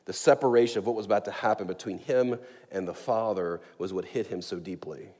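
A man delivers an earnest sermon, leaning hard on important words and drawing them out. His voice sits low and warm. It rings with the long reverb of a large church hall. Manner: earnest, emphatic preaching, slowing on key words. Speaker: pastor.

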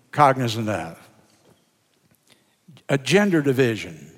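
An older man, a pastor of many years, preaching a sermon in an earnest, deliberate way, drawing out words for emphasis. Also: medium pitch. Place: church sanctuary. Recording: sermon in a reverberant church sanctuary.

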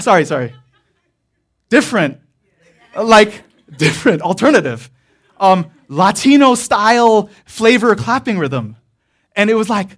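A man's voice: sits high, a bit bright. A man preaching a sermon in a casual, rambling storytelling way, full of fillers and breaking into laughter. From Korean church background. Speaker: pastor.

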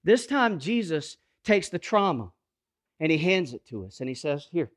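A man preaching a sermon, moving from quiet, intimate passages to emphatic, rising calls to the congregation. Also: on the high side, big pitch swings, moderate pace. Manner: dynamic preaching, swings from hushed to emphatic. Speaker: pastor.

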